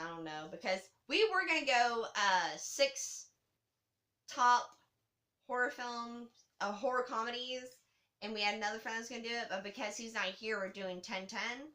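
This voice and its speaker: Bright, excitable woman in an echoey room. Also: on the high side. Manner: excitable, swears, laughs and apologizes often. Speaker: channel host. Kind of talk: casual chat about movies.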